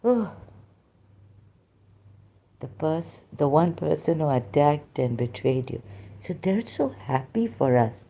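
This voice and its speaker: A woman's voice: deep voice, animated, slow pace, pauses often, mellow, slight background noise. A woman vlogger talking casually to camera, rambling and breaking off mid-sentence to restart her thoughts. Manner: rambling, self-interrupting, many restarts. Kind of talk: casual monologue.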